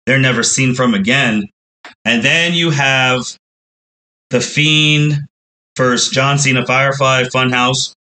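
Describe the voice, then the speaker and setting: A man's voice: medium pitch, takes it slowly, pushed and bright, low-quality recording. A man hosting a wrestling podcast, recapping in a casual, storytelling way and acting out the fans' reactions as quotes.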